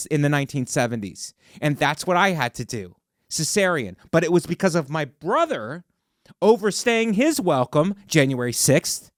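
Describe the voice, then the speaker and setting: A man's voice: fairly high pitch, a bit bright, no room sound, clean studio sound. A man in his forties hosting a podcast alone, ranting sarcastically and building to mock outrage. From Ohio. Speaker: podcast host. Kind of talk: solo comedic rant. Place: podcast studio.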